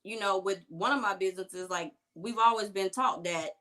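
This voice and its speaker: A woman co-hosting a casual talk show, speaking quietly and thoughtfully. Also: mid-range voice, normal speed. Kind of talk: casual chat.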